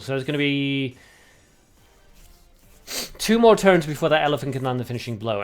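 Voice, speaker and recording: A livestream host with a medium-pitched, somewhat bright voice calls a card game tournament play by play. Chatty and full of jokes, he banters with his viewers and mixes chat replies into the commentary.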